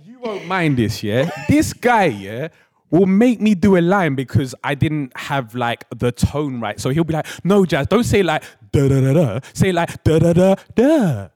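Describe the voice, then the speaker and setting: A man talking as a guest in a casual interview, animated and playful, acting out the quotes in his stories. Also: fairly high pitch, normal speed, dry recording, studio quality. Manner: animated storyteller, acts out quotes. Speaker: guest actor.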